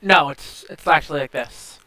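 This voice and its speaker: A man's voice: a little high, moderate pace, sharp tone, rough recording. A young man streaming live and chatting casually, laid-back, often answering with short agreements.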